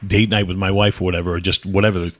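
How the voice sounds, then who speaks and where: A man's voice: low-pitched, flat delivery, fast. A man, a former pro wrestler, sitting as a podcast guest and telling rambling, blunt, profane stories while acting out what others said. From New England. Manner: rambling anecdotes, blunt and profane, acts out quoted lines. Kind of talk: casual storytelling interview.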